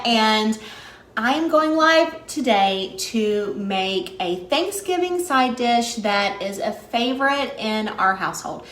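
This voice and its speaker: A woman's voice: a little high, lively intonation, slow pace, a bit bright. A woman from West Virginia hosting a live cooking stream, chatting with viewers in an upbeat way and laughing often. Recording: echoey room sound.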